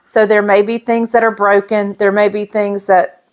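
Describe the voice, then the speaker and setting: A woman's voice: medium pitch, little pitch movement, moderate pace. A middle-aged woman, chatting casually and emotionally as she shows off gifts in a vlog. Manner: gushing, emotional, chatty with fillers. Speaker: pastor's wife and vlogger. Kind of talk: casual show-and-tell chat.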